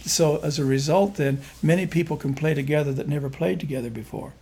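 A man with a fairly high speaking voice talks through music in an interview. He rambles and halts, restarting his sentences as he hunts for the right words. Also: darkish tone, breathy edge. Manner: halting, rambling, searches for words with many restarts. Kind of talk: explaining folk music in an interview.

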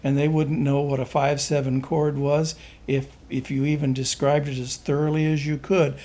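A man in an interview, explaining folk music in a halting, rambling way and often restarting his sentences. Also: a little high, flat delivery, warm tone. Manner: halting, rambling, searches for words with many restarts.

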